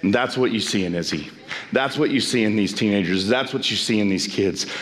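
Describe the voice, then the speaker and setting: A pastor preaching a sermon, emphatic and repeating phrases, his voice climbing high when he exhorts. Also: a little fast.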